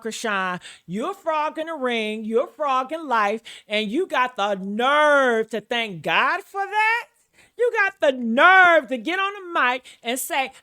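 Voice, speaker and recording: A woman's voice: high voice, bright, forceful tone. A woman ranting in a sassy, brash and profane gossip commentary, calling her listeners y'all and honey.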